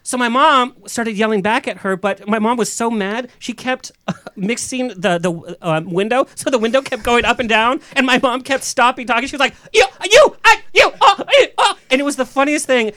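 A man hosting a podcast, telling stories in a casual, animated way and laughing often. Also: extremely high pitch, moderate pace, dry recording. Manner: chatty, laughing, animated storyteller. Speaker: podcast host. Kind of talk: casual chat.

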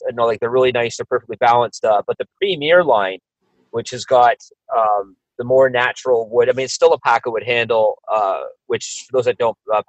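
A man's voice: medium pitch, no echo, rough recording. A man co-hosting a podcast, chatting casually and telling stories with acted-out quotes. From Canada. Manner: animated storyteller, acts out quotes. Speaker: podcast co-host. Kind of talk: casual chat.

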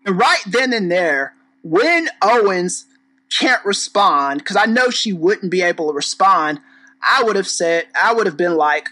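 A podcast host delivering a rambling commentary rant in a bright, sharp voice at an ordinary pitch. The talk is blunt and profane, with sarcastic asides and sudden emphatic bursts. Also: lively intonation, a little slow, poor audio. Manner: rambling with restarts.

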